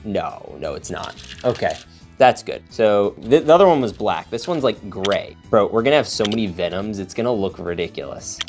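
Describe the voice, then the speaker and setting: A young man hosting a casual toy unboxing, talking in an excitable, slangy way as he reacts while building. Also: on the low side, normal speed, faint music behind.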